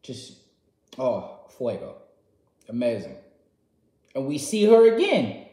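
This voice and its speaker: Excitable slangy man in a roomy space. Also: mid-range voice, takes it slowly. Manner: excitable, swings from loud outbursts to quiet asides, slangy. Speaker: gaming vlogger. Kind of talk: casual storytelling recap. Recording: roomy echo.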